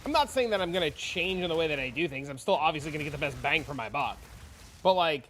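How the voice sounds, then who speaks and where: His voice is a little high and a bit bright, expressive and quick-paced, with a little hiss or hum. A father of young kids, he chats loosely and profanely on a game stream in casual livestream style, telling stories with animation.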